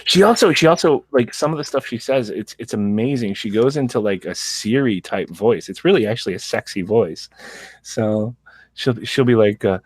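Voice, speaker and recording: A man's voice: medium pitch, animated, moderate pace, husky, no room sound. A man hosting a casual podcast chat, rambling with restarts and frequent laughs. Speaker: show host.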